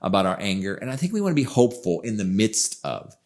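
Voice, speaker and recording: A man with a lowish voice talks earnestly on a podcast. He reflects out loud and drives his points home with repeated phrases, in a relaxed conversational flow. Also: fast. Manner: earnest and reflective, emphatic repetitions. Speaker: podcast co-host. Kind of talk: casual conversational podcast talk.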